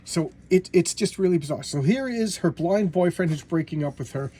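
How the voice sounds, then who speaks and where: Animated man retelling comic stories. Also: on the high side, moderate pace, slightly rough. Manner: animated, acts out quotes in character voices. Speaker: comic book reviewer. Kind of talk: casual story retelling.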